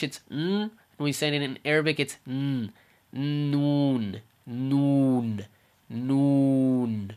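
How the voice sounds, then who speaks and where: A young man giving a casual lesson on letter sounds, repeating each sound slowly to demonstrate it. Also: mid-range voice, a bit bright. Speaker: Arabic letters teacher.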